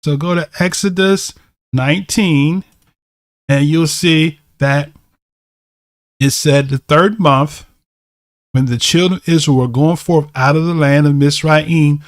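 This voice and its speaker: A man with a somewhat high voice teaches a scripture lesson. He reads verses and then breaks them down, tossing in "right?" as he goes. The sound is close and dry, with almost no room echo. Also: unhurried. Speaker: bible teacher.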